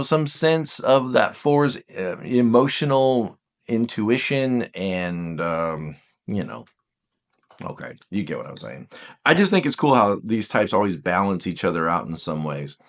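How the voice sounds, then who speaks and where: A man's voice: medium pitch, measured pace. A man teaching about the Enneagram in a casual spoken lesson, talking straight to the viewer and reading book passages aloud with comments on them. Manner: animated, talks straight to the viewer.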